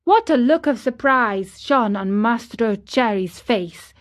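Slow, gentle woman storyteller. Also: fairly high pitch, expressive. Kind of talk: scripted storybook narration.

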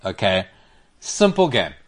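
A man's voice: low voice, big pitch swings, slow. A South African man who is standing in as host, chatting casually and playfully, joking and laughing a lot on a studio mic. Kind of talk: casual chat. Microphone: studio microphone.

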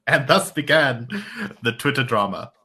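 A man's voice: mid-range voice, expressive, takes it slowly, sharp tone, slightly rough. A man co-hosting a casual chat, telling a story and filling his sentences with "kinda" and "like". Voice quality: filler-heavy, "kinda" and "like". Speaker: podcast co-host.

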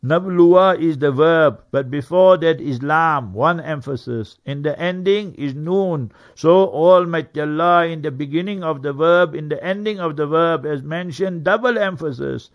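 A man, a mufti teaching on a radio show, explaining verses earnestly and with emphasis, reciting Arabic passages quickly. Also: a little high, lo-fi sound. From South Africa. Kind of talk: religious talk on Quran verses. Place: radio studio.

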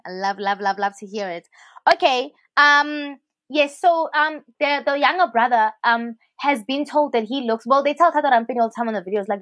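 A South African woman co-hosting a podcast, telling stories in a chatty, animated way with lots of fillers. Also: fairly high pitch, fairly quick, no echo. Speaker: podcast co-host. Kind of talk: casual chat.

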